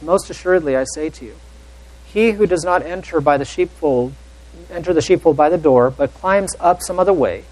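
A man's voice: high-pitched, rough recording. A man preaching a sermon and reading scripture aloud in an earnest, questioning way, sometimes dropping almost to a whisper. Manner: varies loudness widely, drops to near whisper.

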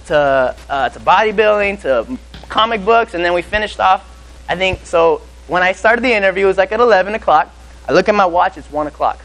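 A young male preacher talks quickly in a slightly high voice. He reads scripture, then moves into a lively personal story and acts out the people in it. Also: low-quality recording. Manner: lively storytelling, acting out people in his anecdote.

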